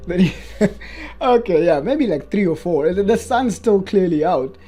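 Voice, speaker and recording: A man giving casual, mocking reaction commentary as he recaps a show, chatty and quick to laugh. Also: sits high, animated, dark tone.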